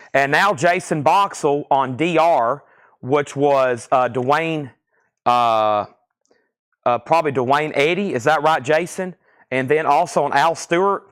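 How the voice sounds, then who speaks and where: A man's voice: a little high, a bit bright. A man hosting a live online record sale, rattling off items and prices and often correcting himself. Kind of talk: live online sales stream.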